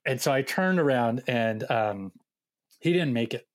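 A man who serves as a youth ministry director, telling funny camp stories in a relaxed conversational way and acting out the dialogue. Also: medium pitch, a little slow, dry recording. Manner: animated anecdote-telling with quoted dialogue. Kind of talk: casual storytelling.

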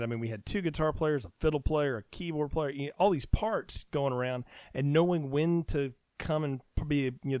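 A man's voice: medium pitch, no echo. Chatty man on a dry mic. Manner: rambling, chatty and easygoing. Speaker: podcast guest. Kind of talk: casual conversation.

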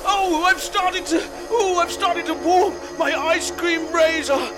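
A man's voice: very high voice, fairly even intonation, unhurried, over music, voice pushed up, low-quality recording. A man playing a ranting governor villain in a comic sketch, bellowing with theatrical menace. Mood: melting panic. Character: ranting male ice-planet villain governor. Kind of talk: amateur comedy sketch acting.

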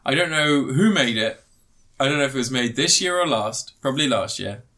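A man's voice: mid-range voice, expressive, brisk, pushed and bright. A man hosting a podcast, tired and yawning, rambling through a film review with lots of fillers, restarts and swearing. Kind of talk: casual chat.

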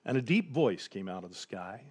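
A man preacher giving a reflective sermon, often dropping to a quiet hush and telling a joke story with building intensity. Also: fairly low pitch, very animated, moderate pace, breathy edge. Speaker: pastor.

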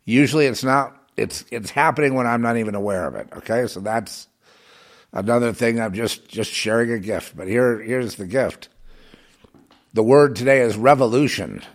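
A man delivering a heated, rambling monologue as a self-styled prophetic broadcaster, swinging between loud outbursts and muttered asides. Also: mid-range voice, normal speed. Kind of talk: agitated monologue.

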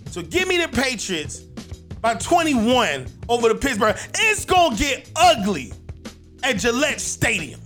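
A man's voice: very high-pitched, wildly swooping pitch, unhurried, pushed and bright, faint music behind. A man hosting a sports podcast, giving his football picks in a brash, punchy, repetitive way. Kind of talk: solo sports picks commentary.

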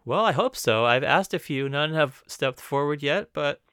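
A man hosting a radio program, introducing a guest and reading passages in a measured way. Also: fairly high pitch, lively intonation, a bit bright, clean tone. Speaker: radio host. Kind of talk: radio interview and narration.

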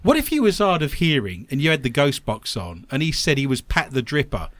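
A man's voice: medium pitch, sing-song, a little fast, very noisy. A man hosting a comic radio show, reading odd news stories with sarcastic asides. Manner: joking, sarcastic asides, laughs often.

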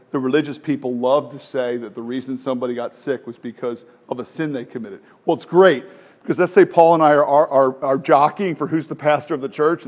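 A middle-aged male pastor preaching a sermon, animated, with rhetorical questions and sarcastic asides. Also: on the high side.

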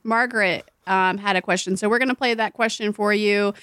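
A woman co-hosting a casual podcast chat, agreeable and quick to react. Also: medium pitch, fairly even intonation, fairly bright tone, clear, resonant tone, dry recording. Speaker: podcast co-host.

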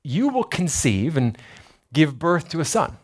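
A man voicing a male angel messenger who speaks in a gentle, reassuring way. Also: on the high side, big pitch swings, unhurried, full character voice.

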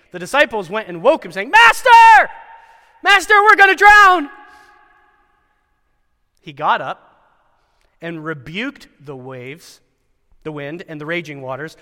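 A man with a fairly high, bright voice delivers a school chapel sermon, mixing scripture reading with wry, animated commentary. He acts out the quoted lines with flair. His voice rings with the long reverb of a large hall. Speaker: chapel speaker at a Christian school.

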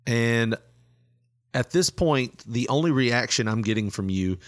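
A man's voice: medium pitch, lively intonation, measured pace. A middle-aged man hosting a casual chat, telling a long story with frequent laughter and quoted lines. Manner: laughing often, retelling with quoted voices.

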